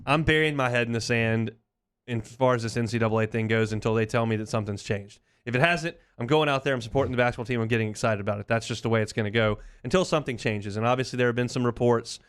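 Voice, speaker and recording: A man's voice: mid-range voice, fast talker, a bit bright, smooth. A man hosting a sports talk radio show, chatting in an opinionated, conversational way.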